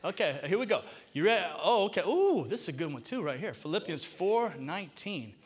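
Male pastor, high voice, animated call-and-response sermon, church. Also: fairly quick, breathy edge. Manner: animated, coaxing audience to repeat lines.

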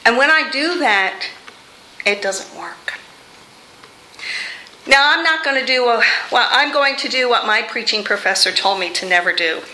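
A woman preacher giving a conversational, expressive sermon with touches of humor in a church. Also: on the high side, measured pace, long pauses, slight background noise. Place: church sanctuary. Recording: echoey room.

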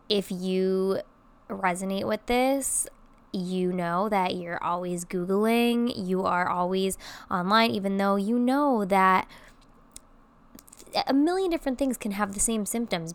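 A young woman in her twenties hosts a relaxed solo podcast, her voice smooth and clear yet a little stuffed up and congested. She talks in a chatty, conversational way, with plenty of ums, at a middling pitch for a woman. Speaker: podcast host. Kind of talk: casual solo podcast talk.

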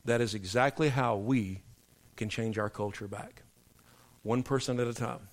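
A middle-aged male pastor preaching a sermon to his congregation, emphatic and preacherly, dropping low for punchlines. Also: normal speed. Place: church sanctuary.

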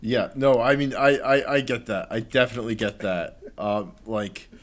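A man in casual podcast chat, relaxed and easygoing, full of fillers. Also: mid-range voice, normal speed. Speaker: podcast co-host.

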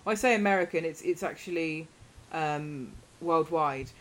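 A woman hosting a casual podcast chat, talking in a chatty, rambling way and getting animated when she retells stories. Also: deep voice, moderate pace. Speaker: podcast host.

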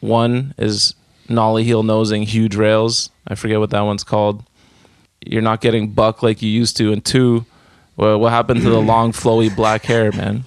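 A man's voice: fairly low pitch, monotone, normal speed, clear, resonant tone, no echo. A man hosting a podcast, asking a guest questions in a laid-back, casual way. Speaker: podcast host.

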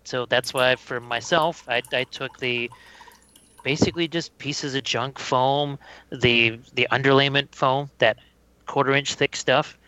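A man co-hosting a casual chat, describing practical things in a relaxed way. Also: mid-range voice, measured pace, slight background noise, poor audio. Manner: relaxed, practical storytelling about building things. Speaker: podcast co-host.

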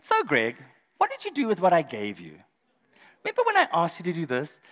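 A preacher voicing God as a gentle fatherly figure who kindly questions a man about his life. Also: on the high side, wildly swooping pitch, fairly quick, long reverb tail, pitched below the performer's own voice.

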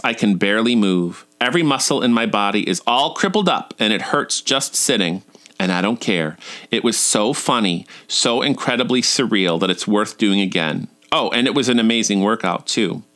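A man in his forties hosting a podcast and reading his own blog aloud, campy and self-mocking. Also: fairly bright tone. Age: 40s. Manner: campy, self-mocking, with high squeaky outbursts. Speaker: podcast host.

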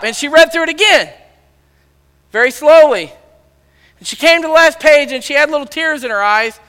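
Loud high-voiced male preacher in a hall. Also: smooth. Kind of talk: sermon storytelling. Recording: long reverb of a large hall.

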